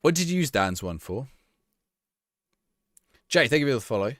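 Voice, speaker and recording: A man's voice: medium pitch, very animated, normal speed, fairly bright tone, dry recording, studio quality. A young man casually chatting through a live game stream, answering chat in a rambling, easygoing way and laughing often. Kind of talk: casual gameplay commentary, reading chat.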